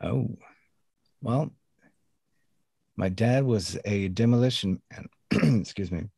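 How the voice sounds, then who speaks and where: Deep Swedish-accented man, relaxed. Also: takes it slowly, vocal fry, breathy edge, no room sound. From Sweden. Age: 50s. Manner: laid-back, relaxed, with casual swearing. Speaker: guest musician. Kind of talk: casual interview chat.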